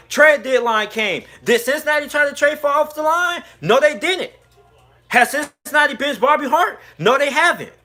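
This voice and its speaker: Heated man, sports vlogger, high sharp voice, furious repetitive rant. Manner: angry, heated, repetitive ranting. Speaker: sports YouTuber. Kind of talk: ranting sports commentary.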